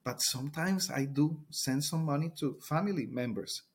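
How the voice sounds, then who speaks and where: A man's voice: on the high side, moderate pace, husky. A middle-aged man from Colombia, a Spanish speaker with a Colombian accent, talking earnestly as a teacher in an interview and often repeating words as he searches for them. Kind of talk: interview conversation.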